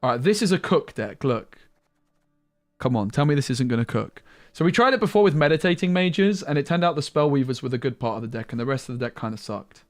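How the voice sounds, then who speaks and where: A man's voice: medium pitch, fast, soft background music. Man joking through gameplay commentary. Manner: jokey banter with viewers, muttering asides. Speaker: card game streamer.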